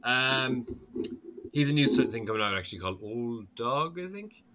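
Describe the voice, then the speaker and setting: A man's voice: mid-range voice, sing-song, normal speed, background noise. A man co-hosting a podcast, rambling and loose, swearing freely. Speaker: podcast co-host. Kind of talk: casual chat.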